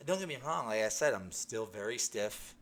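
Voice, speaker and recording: A man's voice: fairly low pitch, normal speed. A man telling a personal testimony in a casual, emphatic way, with restarts and laughter. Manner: excited, laughing, emphatic storytelling with many restarts. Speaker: testimony speaker.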